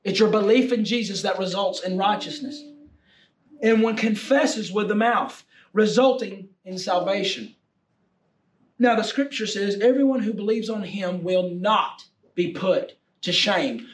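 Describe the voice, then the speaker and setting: A man preaching a sermon with passion, swinging from shouts down to near-whispers. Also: high voice, a little slow. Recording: echoey room, distant mic, faint noise.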